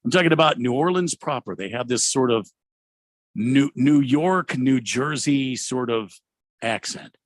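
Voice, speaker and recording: A man's voice: medium pitch, unhurried, no room sound. A man co-hosting a radio show, telling stories in a rambling, casual way. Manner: storytelling, rambling with restarts. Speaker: radio co-host.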